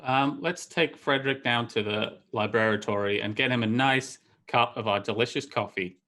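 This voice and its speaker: A man playing his character in a tabletop game, joking and quick to laugh. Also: mid-range voice, sharp tone. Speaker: player. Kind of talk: in-character banter.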